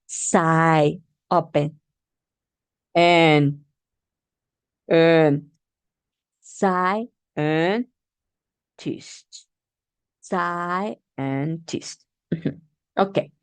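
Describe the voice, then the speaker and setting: A woman teacher with a low voice gives a demo phonics lesson, patiently repeating words slowly and clearly while encouraging her learners. There's no room sound.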